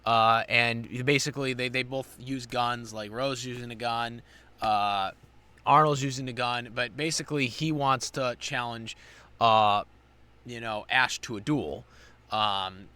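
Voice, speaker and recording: A man's voice: medium pitch, unhurried, pushed and bright, clear, resonant tone. A man giving a casual spoken recap of an anime episode, rambling with many fillers and restarts. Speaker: anime reviewer.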